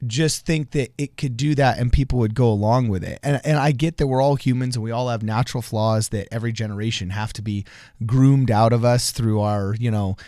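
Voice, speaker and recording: A man's voice: medium pitch, darkish tone, no echo, studio quality. A man co-hosting a political podcast, talking earnestly in a casual way, often restarting and repeating phrases, with bursts of laughter. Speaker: co-host.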